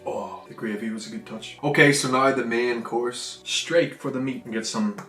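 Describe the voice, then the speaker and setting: A young man with a Northern Irish accent, chatting enthusiastically in a casual food vlog and dropping into softer asides. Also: mid-range voice, normal speed. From Northern Ireland. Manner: chatty, enthusiastic, drifts between loud and soft asides. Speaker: vlogger. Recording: echoey room with faint music.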